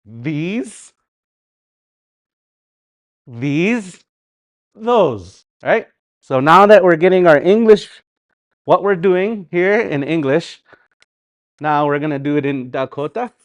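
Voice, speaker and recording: Animated man teaching a language class. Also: on the high side, no room sound, muffled recording. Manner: animated, repeats words slowly for practice; sings and hums phrases to show the tune.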